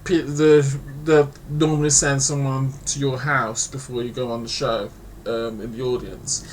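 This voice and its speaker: A man co-hosting a casual chat, explaining things hesitantly with many pauses and restarts. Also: mid-range voice, flat delivery, a little hiss or hum. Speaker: podcast co-host.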